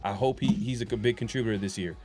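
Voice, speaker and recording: A man's voice: on the low side, fast, a little mellow, soft background music. A man hosting a casual sports podcast, rambling with lots of fillers and restarts. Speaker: podcast host.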